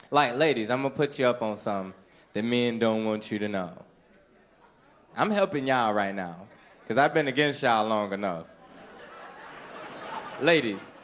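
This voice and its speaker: Animated man doing stand-up. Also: mid-range voice. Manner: animated storytelling with acted-out voices. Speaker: stand-up comedian. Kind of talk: stand-up comedy set. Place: comedy club stage.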